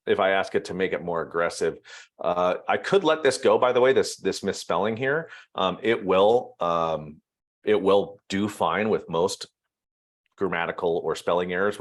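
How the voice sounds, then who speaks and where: A man giving a casual live online training, thinking aloud while he types and filling pauses with ums. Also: on the low side, fairly bright tone. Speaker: real estate trainer.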